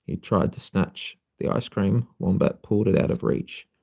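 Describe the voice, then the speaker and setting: A man reading a children's story aloud on a live stream in a sleepy, unhurried way. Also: sits low, fairly even intonation, creaky, warm tone, slightly rough. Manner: sleepy, unhurried, apologizes for slips and coughs.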